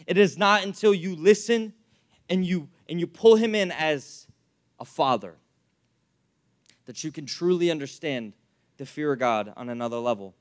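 Young male pastor, high voice, lively preaching with anecdotes. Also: normal speed, long pauses. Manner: animated, acts out anecdotes, many fillers. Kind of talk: sermon with storytelling.

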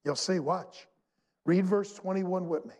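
A man pastor preaching a sermon to his church, emphatic and full of dramatic pauses. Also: high-pitched, darkish tone. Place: church sanctuary. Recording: long reverb in a large hall.

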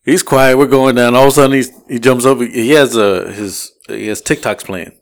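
A man's voice: mid-range voice, moderate pace. Man, podcast co-host, loose casual storyteller who acts out every voice. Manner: animated, swearing, acts out voices in his story.

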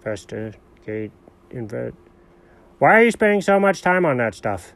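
Deadpan low-voiced man scolding his pet. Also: a little fast, no room sound. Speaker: pet owner voicing a comedy sketch. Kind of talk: comedic pet voice-over banter.

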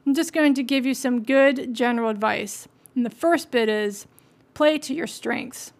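A woman reading a gruff, grizzled old wizard, growling out blunt advice in a high voice. The storybook reading stays close to her own voice. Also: moderate pace.

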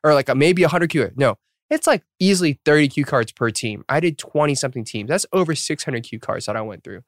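Speaking briskly with a fairly high, animated voice, a podcast host in his thirties shares stories in a casual, chatty manner. He laughs often and shifts into other voices for quotes, and the studio-quality recording has no room sound.

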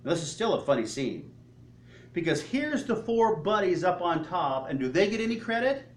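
A male pastor preaching a sermon, telling the story in an animated way and asking the congregation questions. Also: sits high, moderate pace, a little hiss or hum. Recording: echoey hall, faint ambience.

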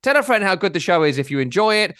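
A man's voice: sits high, big pitch swings, fast, fairly bright tone, clean tone, no echo, clean studio sound. A man hosting a podcast, rambling and teasing his co-host in casual chat.

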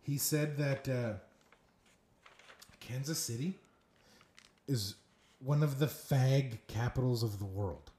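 A young adult podcast co-host in casual, joking banter, laughing often and throwing in quick asides. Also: medium pitch, warm tone, reverberant. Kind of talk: casual chat.

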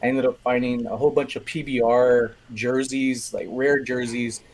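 A man's voice: mid-range voice, little pitch movement, moderate pace, rough recording. A man co-hosting a casual stream who tells a story and acts out the dialogue within it. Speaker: reseller co-host. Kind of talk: casual anecdote.

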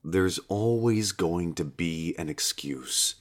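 A man's voice: deep voice, very animated, unhurried, a bit bright, full character voice. A man voicing a laid-back, foul-mouthed male God who talks like a casual bro, coaxing and swearing freely. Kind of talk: audiobook character reading.

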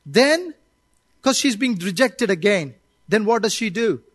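A man's voice: very high voice, animated, measured pace, fairly bright tone, no echo, studio quality. A male pastor preaching a sermon at a church service, emphatic and calling out to the congregation for responses.

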